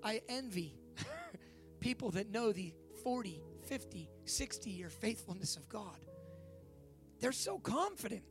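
Fervent male preacher with soft music. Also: high-pitched, slow. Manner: excited preaching, rising to loud fervent prayer. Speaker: youth pastor. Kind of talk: sermon with altar call.

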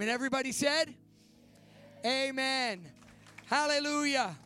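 A man in his forties giving a youth sermon, preaching with rising excitement and leading a fervent prayer. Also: very high-pitched, normal speed, faint music behind. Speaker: youth pastor. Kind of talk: sermon with altar call.

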